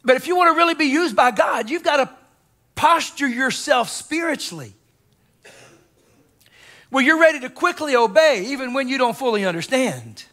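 A man preaching in a church sanctuary, his voice pitched very high for a man and ringing bright. He fires rhetorical questions at the congregation, then sinks to near-whispers before surging back with passion. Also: expressive, moderate pace, pauses often. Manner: impassioned preaching with sudden soft drops and rhetorical questions. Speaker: guest pastor. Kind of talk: sermon.

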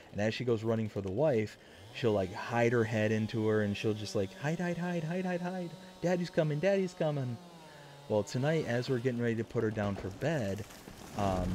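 A young man hosting a live stream, excitedly telling a family story and reading chat, with many fillers and restarts. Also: lowish voice, slight background noise. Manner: reads chat messages aloud.

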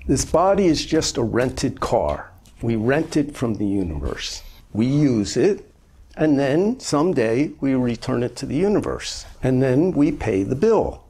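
Older man in his 70s, Zen teacher; husky, animated delivery, conversational and lightly humorous. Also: mid-range voice, measured pace. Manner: conversational, gently humorous storytelling. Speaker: Zen master. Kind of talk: informal dharma talk answering a question.

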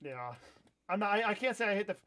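A young American man in his twenties live-streaming a game, chatting casually with viewers in a rambling, self-correcting way with excitable bursts. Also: sits high, quick pace. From United States. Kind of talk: casual live-stream chat while gaming.

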